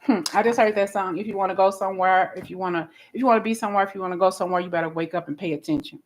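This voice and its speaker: A woman giving a live tarot reading in a blunt, expressive way, often restarting her sentences. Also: medium pitch, very fast, a little hiss or hum, low-quality recording. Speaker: tarot reader.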